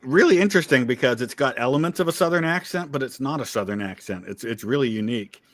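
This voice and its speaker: A man's voice: mid-range voice, expressive, quick pace, a bit bright. A man from Ohio, a guest on a casual livestream, explaining things thoughtfully.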